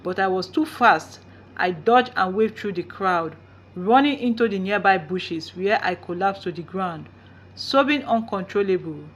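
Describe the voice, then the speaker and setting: A woman narrates a folktale in the first person. She reads with drama and feeling, in a voice of middle pitch. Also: measured pace. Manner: dramatic, expressive reading. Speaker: storyteller.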